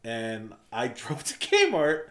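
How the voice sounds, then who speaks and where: A man in casual chat, animated, swearing and saying "dude" often. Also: mid-range voice, slow. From United States. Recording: echoey room.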